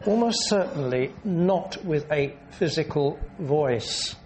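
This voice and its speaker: A man delivers a sermon in an earnest, measured way. His voice sits a little high and moves in lively swings of pitch. He leans into key words to stress them. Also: a little hiss or hum. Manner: earnest, measured teaching delivery with rising emphasis. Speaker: preacher.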